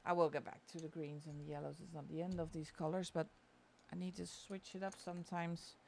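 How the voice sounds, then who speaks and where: A woman's voice: flat delivery, fairly quick, vocal fry, warm tone, a little hiss or hum. A woman chatting casually on a stream from home while she colors, laughing often. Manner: talks in a high coaxing baby voice to her dog.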